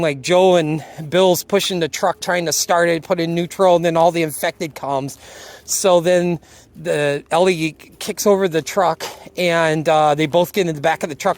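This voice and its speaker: A casual speaker loosely retelling a TV episode, acting out the characters' lines and sometimes losing the thread. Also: mid-range voice. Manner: drifts and loses the thread. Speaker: video reviewer. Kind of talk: casual spoken episode recap.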